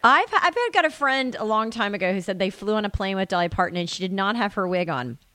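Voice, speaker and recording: A woman's voice: mid-range voice, very animated, fast talker, pushed and bright, dry recording. A woman hosting a podcast interview, listening closely and chiming in with short acknowledgments. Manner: attentive, many short backchannels. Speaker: podcast host.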